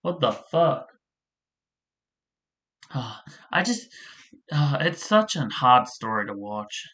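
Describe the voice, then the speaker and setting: A man's voice: medium pitch, sing-song, slow, a bit bright. A man casually ranting as he reviews a soap opera, rambling, exasperated and swearing freely.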